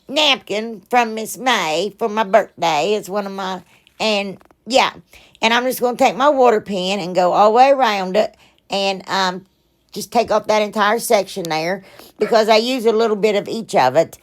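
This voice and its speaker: A chatty woman hosting a homemade craft vlog and talking straight to her viewers. She rambles from project to project, pokes fun at her own slip-ups and pleads warmly for subscribers. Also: mid-range voice. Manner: self-deprecating, laughs at her own mistakes. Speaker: craft channel host. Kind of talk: casual DIY crafting vlog.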